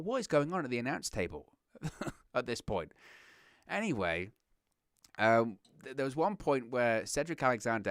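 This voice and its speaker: A young man hosting a wrestling reaction show, chatting casually with lots of restarts and animated asides. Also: medium pitch, dry recording, clean studio sound. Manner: rambling, animated, self-interrupting with restarts. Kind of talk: casual solo commentary.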